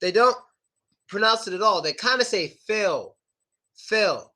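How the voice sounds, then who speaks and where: A young American man teaching an online pronunciation lesson, repeating words slowly to demonstrate sounds. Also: high-pitched, pushed and bright.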